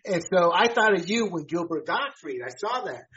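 A man hosting a podcast in casual conversation, talking in a halting way with many fillers and restarts. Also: high-pitched, expressive, sharp tone. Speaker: podcast host. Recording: dull lo-fi sound.

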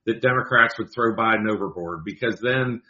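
Measured male commentator in echoey room. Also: fairly low pitch, bright, forceful tone, dull audio. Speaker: political commentator guest. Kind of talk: talk show discussion.

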